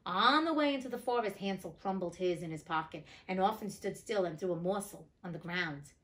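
A woman reading a fairy tale aloud and breaking off for blunt, profane, indignant commentary, her pitch swinging widely. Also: fairly quick, fairly bright tone. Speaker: audiobook reader and host.

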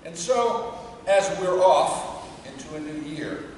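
A woman priest giving a conversational sermon to a congregation, dropping to a hush when she tells a story. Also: fairly low pitch, animated, takes it slowly, a little hiss or hum. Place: church before a congregation. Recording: echoey church from far off.

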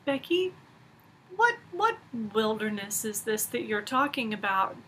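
Calm, patient voice of God, as a woman quotes him; bright and unhurried. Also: a little high, a little hiss or hum, heavily acted. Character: calm, patient divine male voice.

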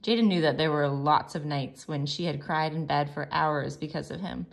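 A woman teacher reading a chapter of a novel aloud to her class in a calm, measured way. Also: low voice, vocal fry. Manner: calm, measured, soft-spoken narration.

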